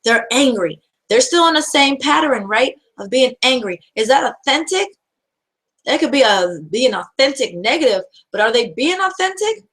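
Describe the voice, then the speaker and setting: A woman with a somewhat high voice delivers a self-help talk. She is earnest and repetitive, and keeps asking rhetorical questions as she drives her point home. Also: very animated, normal speed, a bit bright, low-quality recording. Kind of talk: motivational talk.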